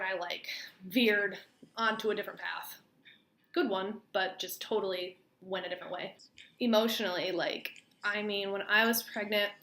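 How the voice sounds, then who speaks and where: A woman's voice: mid-range voice, fairly bright tone. A young adult woman telling a personal story in casual, chatty storytime style, full of "like" fillers. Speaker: vlogger. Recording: roomy echo, faint room noise.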